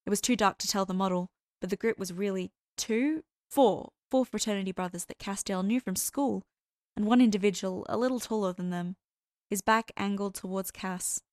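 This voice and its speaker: A woman narrating fan fiction as an audiobook reader in a measured storytelling way. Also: medium pitch, dry recording.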